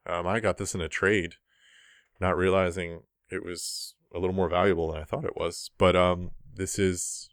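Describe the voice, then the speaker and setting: Young male podcast host, very low smooth voice, dry close mic, laid-back board game news. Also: moderate pace, no room sound. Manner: relaxed, rambling, many ums. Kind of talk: casual podcast chat.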